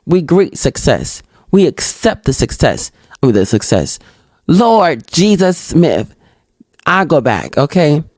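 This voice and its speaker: A woman hosting a solo podcast, reading out reflection questions and answering them in an animated, outspoken way, talking straight to her listeners and acting out little exchanges. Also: no echo. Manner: acts out little dialogues in higher voices. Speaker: podcast host.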